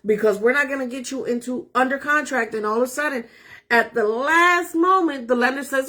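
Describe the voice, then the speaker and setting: Husky, self-assured woman realtor. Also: high voice, moderate pace. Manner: emphatic, self-assured, animated. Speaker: real estate agent. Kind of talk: casual live talk to viewers.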